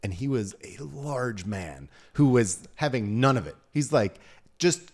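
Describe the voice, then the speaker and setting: A middle-aged man hosting a podcast, telling stories in casual chat, swearing often and acting out other people's lines loudly. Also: medium pitch, unhurried. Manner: animated storyteller, swears, acts out quotes loudly. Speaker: podcast host.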